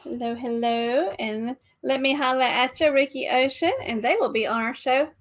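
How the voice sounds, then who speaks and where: A woman with a Southern US accent, co-hosting a casual live travel stream, chatty and quick to laugh as she greets viewers by name. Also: sits high. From American South. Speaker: travel show co-host.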